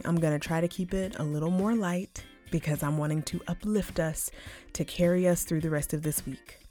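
A woman's voice: fairly low pitch, darkish tone. A woman hosting a casual solo podcast, chatting informally, often saying "like" and "y'all" and swearing freely. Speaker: podcast host.

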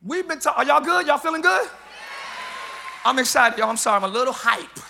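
High-voiced hyped-up male pastor. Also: lively intonation, fairly quick, vocal fry, some chatter behind, a little hiss or hum. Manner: joking, hyped, breaks into shouts and laughs. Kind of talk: live sermon. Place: church service.

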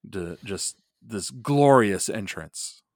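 A man co-hosting a podcast, chatting casually and excitedly about a wrestling match, with lots of fillers and restarts. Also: on the low side, slow, dry recording, studio quality. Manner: animated, rambling with many fillers. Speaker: podcast co-host.

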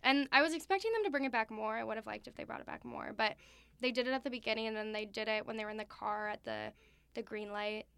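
A young woman talks casually on a podcast, her voice a touch high and very smooth. She is chatty and leans on fillers. The sound is close and dry. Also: quick pace, fairly bright tone, dry recording. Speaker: podcast co-host. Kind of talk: casual chat.

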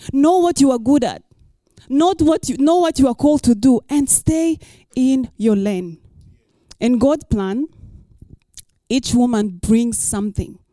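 Woman pastor preaching, higher voice but mellow, dry close sound, says stuff twice for emphasis. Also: no room sound. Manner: emphatic, repeats key lines. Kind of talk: sermon.

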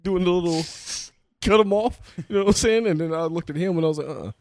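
A young man co-hosting a comedy podcast, telling loud, animated stories with lots of swearing and laughter. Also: high voice, quick pace, dry recording, studio quality. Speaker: podcast co-host. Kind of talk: casual comedic banter.

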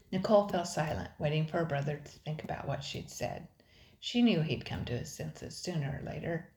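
An older woman reads a children's chapter book aloud at a steady, expressive pace. Her voice is low with a gravelly texture. The recording has a roomy echo. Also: moderate pace, a little hiss or hum. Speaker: storybook reader. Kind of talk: children's story narration. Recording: echoey room.

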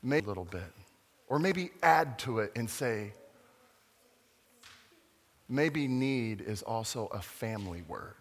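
Lively bright-voiced man preaching in a hall. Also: lowish voice, slow, pauses often. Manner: playful, interactive, acts out voices. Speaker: children's pastor. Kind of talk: animated family sermon to kids and adults.

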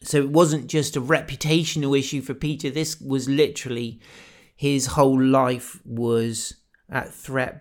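A man's voice: medium pitch, steady tone, measured pace. A man giving a reflective devotional talk on a Bible passage, retelling the scenes in the voices of the people in it. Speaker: preacher.

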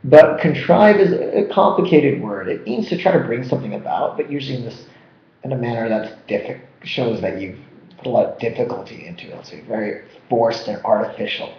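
A man teaching vocabulary with a lively, up-and-down delivery and a playful touch. His voice carries a roomy echo and sounds a little dull and lo-fi. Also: mid-range voice, fairly quick. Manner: animated, jokey explainer. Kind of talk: energetic vocabulary lesson.

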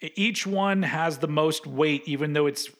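A man's voice: fairly high pitch, moderate pace, fairly bright tone. Chatty man who laughs a lot. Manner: rambling, laughs often, swears casually. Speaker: podcast co-host. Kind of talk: casual chat.

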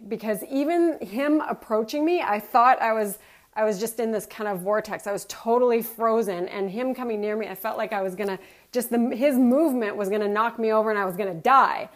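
A woman's voice: fairly high pitch, fairly quick. A middle-aged woman, a motivational speaker, telling a personal story and acting out her own thoughts. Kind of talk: personal story told to an audience.

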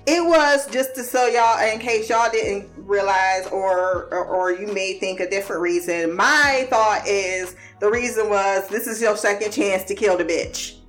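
A woman's voice: mid-range voice, unhurried, hardly any pauses, faint music behind. A woman giving a casual TV episode recap, profane, laughing and exasperated.

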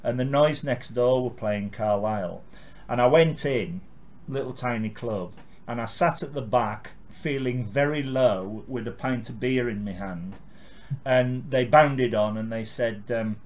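A man from England hosting a podcast interview over a video call, warm and quick to agree. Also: mid-range voice. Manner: warm, frequent agreeing yeahs. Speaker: podcast host. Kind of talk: casual chat.

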